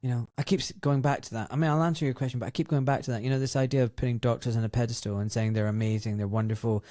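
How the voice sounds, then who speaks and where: A Scottish man in his fifties, a doctor and former surgeon, telling his story in an interview in a lively, outspoken way and acting out the voices he quotes. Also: medium pitch, rapid-fire, no echo, clean studio sound. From Glasgow, Scotland.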